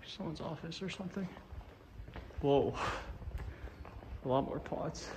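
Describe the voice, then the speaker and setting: Young man vlogger, slightly high voice, winded, wry commentary, noisy handheld sound. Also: takes it slowly. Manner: chatty, wry asides, exclamations. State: out of breath. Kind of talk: casual vlog commentary while walking. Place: campus buildings and museum, indoors.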